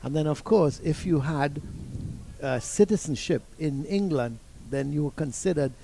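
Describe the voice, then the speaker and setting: A man's voice: fairly high pitch, moderate pace, vocal fry, mellow, a little hiss or hum. An older man with a Trinidadian accent, commentating cricket and telling long rambling stories with restarts. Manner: rambling anecdotes with many restarts.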